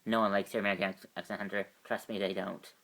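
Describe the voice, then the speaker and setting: Man voicing a soft, hesitant female agent. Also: fairly low pitch, level tone, quick pace. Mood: teasing. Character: female agent, devoted and guarded. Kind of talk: amateur fan voice acting.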